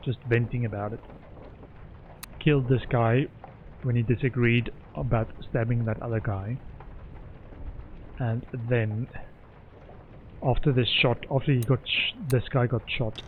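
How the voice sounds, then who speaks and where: A man's voice: medium pitch, fairly even intonation, a little slow, pauses often, slight background noise. A man streaming a game, thinking aloud as he puzzles over clues. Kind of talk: gameplay commentary. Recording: muffled lo-fi sound with faint game music.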